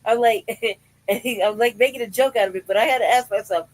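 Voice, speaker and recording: Profane, laughing podcast host, mid pitch. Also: fairly quick, low-quality recording. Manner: profane, laughing rant that questions itself. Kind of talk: casual chat.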